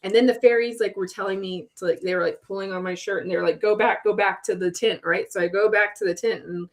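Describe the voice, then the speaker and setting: A woman's voice: medium pitch, quick pace. A woman in her forties, a podcast guest, telling a story in casual talk and acting out the other people's voices as she goes. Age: 40s. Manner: animated, acts out quoted voices.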